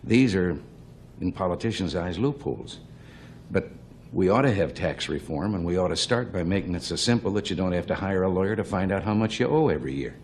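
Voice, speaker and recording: Wry older man, low voice. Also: lively intonation, fairly quick, darkish tone, a little hiss or hum. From American Midwest. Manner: plainspoken, wry, anecdotal. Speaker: politician guest. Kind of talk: folksy talk-show conversation.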